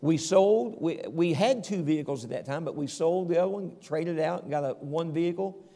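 An older man preaching a sermon in a relaxed, conversational way, checking in with his listeners and chuckling now and then. His voice sits somewhat high and carries a gravelly edge. The long reverb of a church hall trails behind each phrase. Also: moderate pace. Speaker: pastor.

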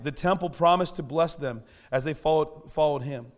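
Animated preacher man, slightly high voice. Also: moderate pace. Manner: animated, conversational preaching with self-deprecating humor. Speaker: pastor. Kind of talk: sermon. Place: church sanctuary.

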